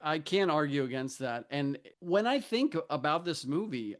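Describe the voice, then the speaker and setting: A man's voice: on the high side, lively intonation, moderate pace, fairly bright tone. A man co-hosting a movie podcast, chatting casually and earnestly with a lot of enthusiasm and frequent laughter. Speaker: podcast co-host. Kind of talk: casual film podcast chat.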